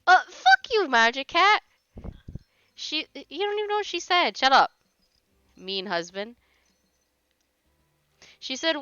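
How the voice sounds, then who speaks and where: A woman's voice: high voice, sing-song, slow pace, pauses often, sharp tone, no echo, muffled recording. A woman hosting a casual livestream, chatting with viewers and teasing them playfully, laughing often. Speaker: livestream host.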